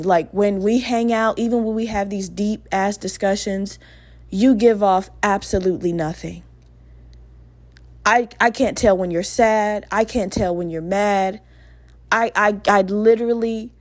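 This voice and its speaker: Young woman podcaster just ranting and telling a story, swears a lot, super candid and animated. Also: medium pitch. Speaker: podcast host. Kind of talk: casual storytelling monologue.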